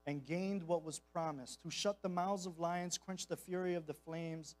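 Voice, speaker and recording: Man, high voice, guest preacher, church sermon, impassioned and conversational, casual slang. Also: steady tone, moderate pace, poor audio.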